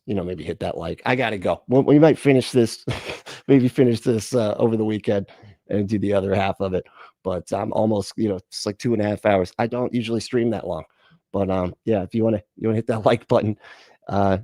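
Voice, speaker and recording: A man's voice: fairly low pitch, dark tone, no room sound, clean studio sound. A man hosting a casual reaction stream, rambling and profane, laughing often.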